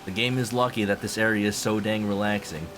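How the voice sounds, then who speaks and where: A man's voice: fairly low pitch, fairly even intonation, fairly quick. A man streaming a video game, chatting playfully with his viewers and humming to himself. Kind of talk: casual game commentary. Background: game music.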